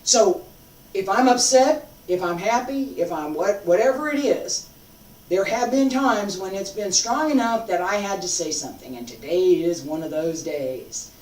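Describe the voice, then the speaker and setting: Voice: medium pitch, moderate pace, a little mellow, reverberant, far from the mic, rough recording. A martial arts instructor giving an unscripted teaching talk, emphatic and determined, repeating phrases for force.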